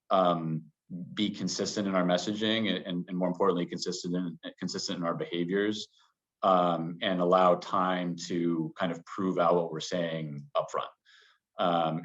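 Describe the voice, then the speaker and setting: Deep-voiced man, measured and hedging. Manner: measured, hedging with many qualifiers. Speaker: business partner interviewed as guest. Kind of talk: interview answers. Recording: dull lo-fi sound.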